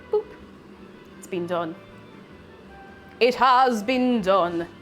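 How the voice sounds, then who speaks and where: Bubbly, lively woman streamer. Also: mid-range voice. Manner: chatty, bubbly, reads out and answers chat. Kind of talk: casual live-stream chat while baking.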